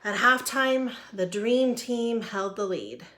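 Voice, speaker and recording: Slow, expressive woman reading a kids' book. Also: mid-range voice, slight background noise. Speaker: storyteller. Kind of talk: children's storybook read-aloud.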